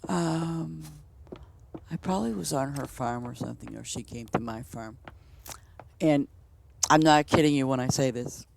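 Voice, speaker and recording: A woman's voice: a bass voice, normal speed, vocal fry, long pauses, darkish tone, slight background noise. Rambling woman streamer telling stories. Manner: rambling, lots of "you know" and restarts. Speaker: game streamer. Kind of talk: casual storytelling chat.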